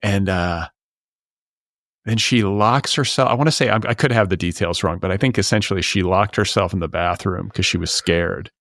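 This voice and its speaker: A man's voice: sits low, normal speed, a bit bright, no room sound, studio quality. A middle-aged man hosting a podcast, telling a story in casual chat full of "like" and "you know". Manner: storytelling, loose with fillers like "like". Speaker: podcast host.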